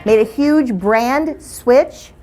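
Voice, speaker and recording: Woman, middle-aged, motivational keynote, playful storytelling, slightly high voice. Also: drawn-out words, loud music behind the voice. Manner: animated, playful, conversational. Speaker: motivational speaker.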